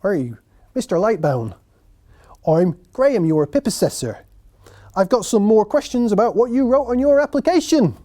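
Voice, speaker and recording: A man's voice: high-pitched, animated, normal speed, warm tone, voice pushed up. A man voicing a falsely friendly middle-aged male benefits assessor in a Cockney accent. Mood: breezy.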